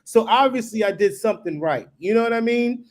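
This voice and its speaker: A man's voice: high voice, expressive, a little fast. A man on a live stream talking casually and rambling, often asking "you know what I mean?". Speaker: guest building in the Caribbean.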